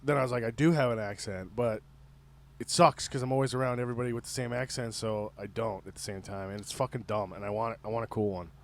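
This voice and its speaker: A man co-hosting a podcast, laid-back and agreeable, tossing in quick quips. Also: fairly low pitch, fairly even intonation. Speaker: podcast co-host. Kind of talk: casual chat.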